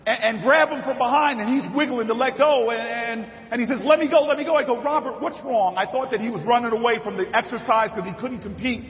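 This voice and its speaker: A middle-aged man, a senator, giving a rousing convention speech, repeating phrases and building to shouted climaxes. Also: very high voice. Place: large convention hall, indoors. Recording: dull, reverberant hall sound.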